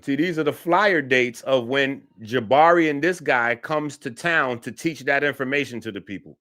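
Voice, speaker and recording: A man's voice: mid-range voice, fairly bright tone. A man giving heated, incredulous commentary on a live stream, lecturing and arguing point by point. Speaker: online commentator.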